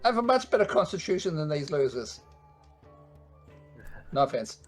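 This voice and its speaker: A man's voice: fairly high pitch, very animated, moderate pace, soft background music. A man playing a tabletop game, bantering playfully and swearing casually. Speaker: player.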